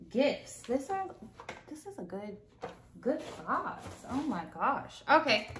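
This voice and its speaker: Woman vlogger, casual unboxing chat, slow and gushy, noisy recording. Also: medium pitch. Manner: gushing, excitable, repeats herself.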